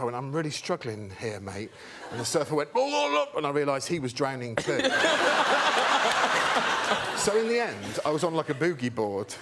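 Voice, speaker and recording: Self-mocking male comedian, lively voice. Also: mid-range voice. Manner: deadpan, self-mocking storyteller. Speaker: comedian guest. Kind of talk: comic anecdote on a chat show. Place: TV studio with a live audience. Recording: loud studio noise.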